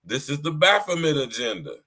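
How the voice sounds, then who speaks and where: Preachy man with a bright voice. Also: on the high side, lively intonation, a little fast. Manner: preachy, repeats himself, addresses listeners directly. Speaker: podcast host. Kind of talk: livestream commentary.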